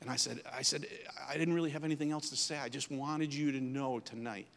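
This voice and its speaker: A man's voice: medium pitch, fairly even intonation, a little fast, vocal fry, long reverb tail. A middle-aged man preaching a sermon, telling a story and then pressing his point with growing emphasis.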